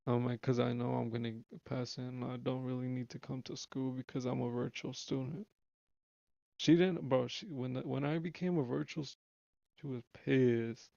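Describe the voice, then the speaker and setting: Gravelly young man telling a rambling story. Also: medium pitch, steady tone, normal speed, mellow, no echo, muffled recording. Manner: rambling, slangy, swears freely, restarts often. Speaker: streamer. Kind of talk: casual storytelling on a livestream.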